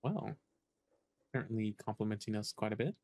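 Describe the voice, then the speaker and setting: A man giving casual let's-play commentary, hesitant and thinking aloud with many pauses. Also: fairly low pitch, a little mellow, dry recording. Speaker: gaming streamer.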